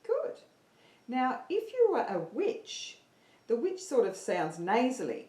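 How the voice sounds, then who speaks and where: An upbeat woman leads an online singing class and counts her students in. Her pitch moves a lot as she talks. Her voice echoes around a roomy space. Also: big pitch swings, takes it slowly, mellow. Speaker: singing teacher. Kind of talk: online singing lesson livestream.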